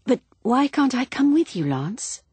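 An eager, devoted young wife, voiced by a female narrator presses her case insistently. The tone is husky, with a lively rise and fall and a dry, close sound. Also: high-pitched, unhurried, dry recording, voice pushed up, full character voice.

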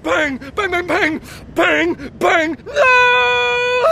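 A devious young villain in a radio comedy, his high voice lurching wildly up and down. He talks slowly and pedantically, then tips into shrieking hysteria. Faint noise sits under the recording. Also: sing-song. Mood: hysterical. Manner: erratic, swings from pompous pedantry to shrieking hysteria.

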